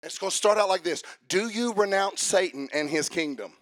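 A man preaching a fiery sermon, swinging from hushed asides to shouted emphasis. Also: high voice, a little fast.

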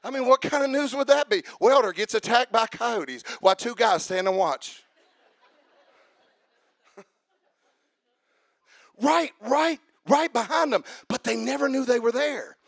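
A middle-aged preacher with a very high, gravelly voice. He moves between booming, sing-song exhortation and quiet, chatty asides. The recording is dry and close. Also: lively intonation, measured pace, long pauses, no echo. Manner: swings from shouted, sing-song preaching to hushed, chatty storytelling. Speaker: pastor. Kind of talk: sermon.

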